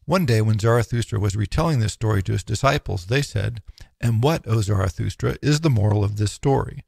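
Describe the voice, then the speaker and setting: A man with a low, gravelly voice reads a philosophical text in a measured, solemn declamation. The recording is dry and close, with no room sound. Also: darkish tone, no room sound. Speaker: narrator. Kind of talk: audiobook reading of philosophy.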